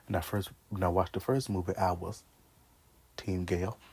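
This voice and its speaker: Young man vlogger, husky and dark-toned, animated, laughs, talks back at characters. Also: sits low, normal speed. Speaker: vlogger ranking favorite movies. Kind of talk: casual chat.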